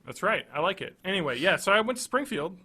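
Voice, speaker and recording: A man's voice: sits high, very animated, quick pace, bright, forceful tone. A man co-hosting a podcast, chatting casually and teasing his friend with jokes. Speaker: podcast co-host. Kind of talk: casual chat.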